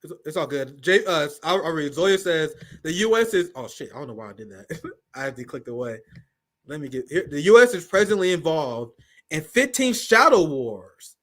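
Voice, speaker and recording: A man's voice: on the high side, sing-song, moderate pace, fairly bright tone. A man hosting a political talk stream, reading news aloud and commenting in a loose, slangy way with frequent laughs. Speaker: host.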